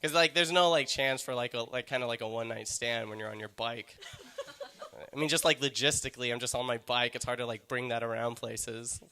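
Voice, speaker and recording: A man's voice: medium pitch, brisk, pushed and bright, clear, resonant tone. A man doing a stand-up comedy set, rambling and self-deprecating, with lots of filler words.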